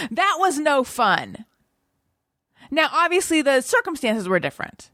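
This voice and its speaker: A woman hosting a podcast in casual chat, playful and quick to laugh. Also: high voice, bright, forceful tone, no echo, clean studio sound. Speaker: podcast host.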